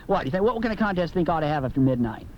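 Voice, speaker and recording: A man's voice: fairly high pitch, lively intonation, racing. A man hosting a late-night call-in radio show, with a brash, joking and opinionated way of talking. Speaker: radio talk show host. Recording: lo-fi AM radio tape with faint hiss.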